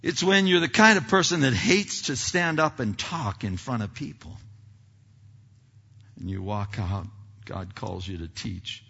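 A man preaching, a pastor telling a story in a self-deprecating, animated way with many restarts, recorded in a church sanctuary. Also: mid-range voice, unhurried, vocal fry, breathy edge. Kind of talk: sermon storytelling. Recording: dull hall reverb, lo-fi.

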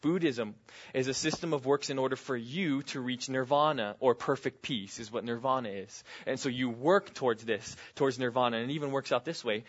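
A man preaching a sermon earnestly, repeating key phrases and swinging between loud and quiet. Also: medium pitch, lo-fi sound. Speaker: pastor.

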